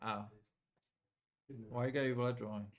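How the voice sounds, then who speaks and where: A man's voice: medium pitch, fairly even intonation, normal speed, dull audio. A man teaching calculus to a live class in a loose, conversational way, often checking whether students follow.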